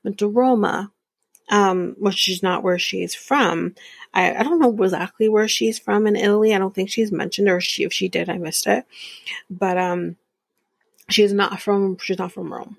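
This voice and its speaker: A woman's voice: medium pitch, steady tone, normal speed, gravelly, breathy edge, no room sound. A woman hosting a podcast, recapping a reality show in a candid, chatty way with frequent laughs. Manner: chatty, candid, laughs often, drifts into whispered asides. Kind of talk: casual chat.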